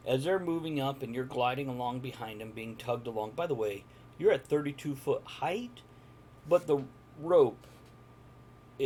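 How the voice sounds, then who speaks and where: A man's voice: mid-range voice, slight background noise. A man narrating a live-streamed tabletop game as game master, chatty and jokey, chatting with viewers in between.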